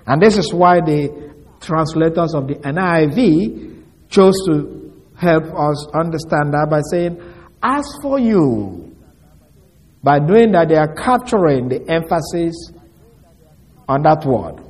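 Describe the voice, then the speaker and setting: A man preaching a sermon, reading scripture and explaining it slowly and deliberately, word by word. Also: a little high, darkish tone.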